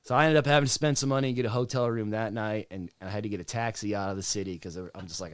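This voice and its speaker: A man's voice: lowish voice, fairly even intonation, fast talker, few pauses, smooth, dry recording. Laid-back, swearing singer-songwriter man. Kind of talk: casual storytelling.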